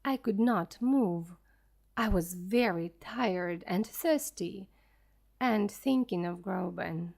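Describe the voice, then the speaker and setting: Slow, clear woman reading a story. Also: mid-range voice, a little mellow. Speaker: narrator. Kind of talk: story read for beginner learners.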